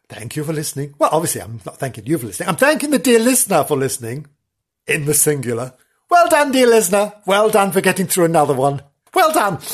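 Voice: medium pitch, slightly rough. A podcast storyteller reading a children's story with playful, sarcastic ad-libbed asides.

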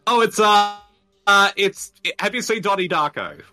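A man's voice: high voice, a little slow, bright, forceful tone, soft background music. An Australian man co-hosting a podcast, joking around in casual banter and laughing often. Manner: jokey, laughs often, drops into silly put-on voices. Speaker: podcast co-host.

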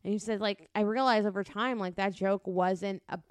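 A woman's voice: medium pitch, steady tone, normal speed, clear, resonant tone, no echo. A woman co-hosting a podcast in casual chat, rambling with lots of fillers and restarts. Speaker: podcast co-host.

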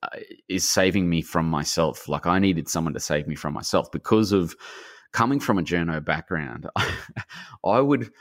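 A middle-aged man, an author, talking casually in a podcast interview, rambling and self-deprecating, with animated asides where he quotes people. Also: low-pitched, normal speed, no room sound, studio quality. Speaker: author and guest.

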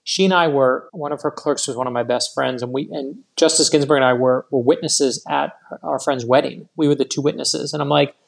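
Gravelly man telling animated stories. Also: medium pitch, brisk, few pauses. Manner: animated, rambling anecdotes full of "like". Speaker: guest author. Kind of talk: casual interview storytelling.

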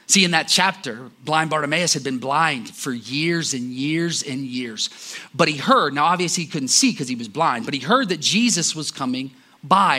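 A man preaching a sermon with passion, swinging from loud cries down to low murmurs.

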